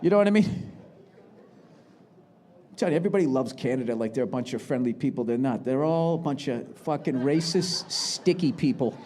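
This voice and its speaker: A man doing live stand-up, ranting sarcastically and profanely, with shouted bursts, on a handheld mic before a big crowd. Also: mid-range voice, expressive, fairly quick. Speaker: stand-up comedian. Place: large live venue with audience. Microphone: handheld microphone.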